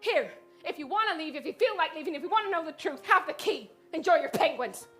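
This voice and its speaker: A woman playing a chatty island woman who shouts through a megaphone, in improvised stage comedy. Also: high-pitched, expressive, fast, faint music behind. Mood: huffy. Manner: gushing, then huffy and wounded.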